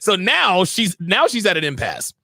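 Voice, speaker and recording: A man reacts to a clip on a live stream, teasing and repeating his points. His voice sits high and swings widely in pitch, with a bright, gravelly edge. It is recorded close and dry. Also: huge pitch swings, moderate pace, no room sound. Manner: sarcastic, repeats himself, laughs often; mimics the woman in a low mumbling voice. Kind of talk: mocking reaction commentary.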